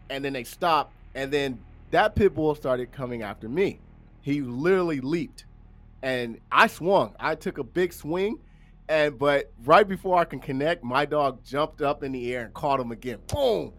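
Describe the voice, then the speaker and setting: A man co-hosting a podcast, telling a story in casual chat and loudly acting out his own quotes. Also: mid-range voice. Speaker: podcast co-host.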